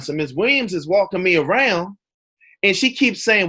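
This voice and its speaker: A man telling a personal story to an audience as a motivational speaker, animated and dramatic. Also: sits high, normal speed, slightly rough.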